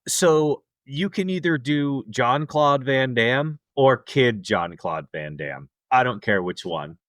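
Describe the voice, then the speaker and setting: A man co-hosting a movie podcast in casual chat, playful and quick to laugh. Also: medium pitch, expressive, a bit bright, no echo, clean studio sound. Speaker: podcast co-host.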